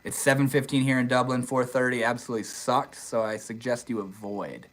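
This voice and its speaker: A man's voice: mid-range voice, a little fast, poor audio. Laid-back young man on a live stream. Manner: laid-back, swears casually, says dude and bro a lot. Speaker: livestream host. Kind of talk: casual livestream chat reading comments. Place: outdoors in the desert.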